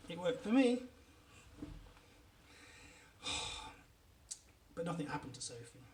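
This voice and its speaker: A man's voice: medium pitch, takes it slowly, pauses often. A man reading a children's book aloud, with chatty asides to listeners. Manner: animated, lots of asides to listeners. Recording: echoey room, mic at a distance.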